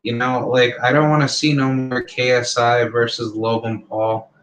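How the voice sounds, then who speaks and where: A man's voice: medium pitch, flat delivery, moderate pace, fairly bright tone, a little hiss or hum, rough recording. A man in his thirties hosting his own channel, giving a rambling, blunt opinion monologue packed with fillers. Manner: rambling, full of fillers like "you know" and "like". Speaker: channel host.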